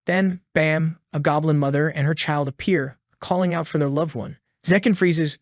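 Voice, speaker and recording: A man's voice: a little high, steady tone, moderate pace, few pauses, no room sound, clean studio sound. A man narrating a story recap in a casual, slangy storytelling manner.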